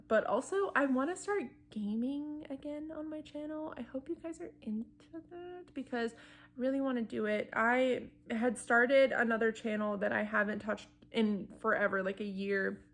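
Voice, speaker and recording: Chatty young woman with a gravelly edge. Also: mid-range voice. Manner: chatty, animated, frequent fillers and laughter. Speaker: book vlogger. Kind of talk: casual chat to camera. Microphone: camera mic.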